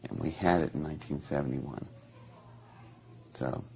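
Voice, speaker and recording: A man being interviewed, telling a long story in a lively way and acting out the voices of people he quotes. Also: extremely low pitch, normal speed, creaky, dull audio, slight background noise. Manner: animated, acts out quoted voices. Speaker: interview guest.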